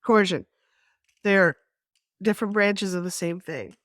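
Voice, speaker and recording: Animated woman teaching in a dry room. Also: medium pitch, a little slow, dry recording. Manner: animated, acts out quoted voices, many restarts. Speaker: workshop co-host. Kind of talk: casual teaching talk.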